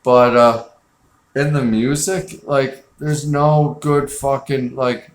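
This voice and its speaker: A man's voice: medium pitch, fairly even intonation, slow, echoey room. A man hosting a casual film review show, talking in a rambling, blunt and profane way with lots of fillers. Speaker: film review podcast host.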